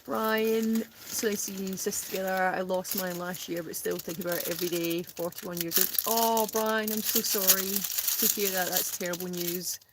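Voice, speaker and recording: A woman's voice: mid-range voice, steady tone, normal speed, background noise. A woman chatting casually in a smoky tent on a live stream, reading out comments and laughing often. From Scotland. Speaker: guest, host's sister.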